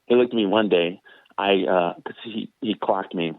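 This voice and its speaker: A man's voice: moderate pace, no echo, phone-quality sound. A former sprinter telling stories casually in an interview, acting out the people he quotes. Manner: animated, acts out quoted voices with big pitch jumps.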